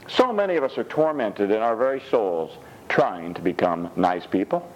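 A male pastor preaching a sermon in an animated way, dropping frequent amens. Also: mid-range voice, moderate pace, dull audio. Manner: animated, punctuates with "amen".

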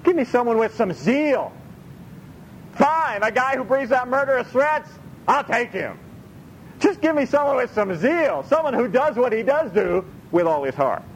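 A man preaching a sermon in an animated way, acting out voices from the Bible and laughing often. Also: very high voice, normal speed, slight background noise, rough recording. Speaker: pastor.

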